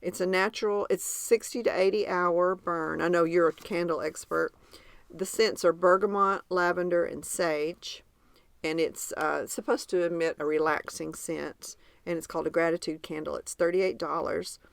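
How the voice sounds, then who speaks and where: A woman with a Southern accent co-hosting a podcast, chatting warmly and describing gift ideas in detail. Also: lowish voice, steady tone, moderate pace, gravelly, clear, resonant tone, no room sound. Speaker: podcast co-host. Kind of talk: casual podcast chat.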